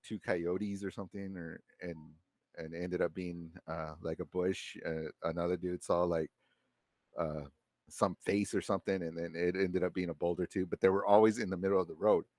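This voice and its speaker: Male podcast guest, deep voice, laid-back storyteller who rambles with slang. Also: little pitch movement, normal speed, a little mellow, dry recording. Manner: loose and rambling, heavy slang and swearing. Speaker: podcast guest, former Marine. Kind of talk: casual storytelling.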